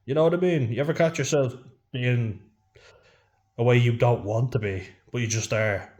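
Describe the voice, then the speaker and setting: A man's voice: mid-range voice, normal speed, darkish tone. An Irish man vlogging to camera in a frank, casual chat, swearing freely and saying "you know" often.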